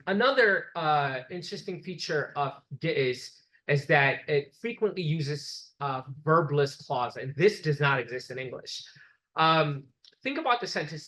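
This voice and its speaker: A man lectures a live class in a slightly high voice. He explains patiently, step by step. He repeats his examples so everyone can follow. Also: lively intonation, a little slow, fairly bright tone, rough recording.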